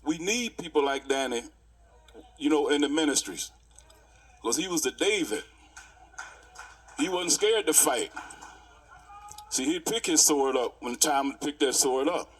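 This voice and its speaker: A man in his sixties, a pastor, giving a heartfelt memorial tribute and reminiscing in stories with many pauses. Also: fairly high pitch, expressive, breathy edge.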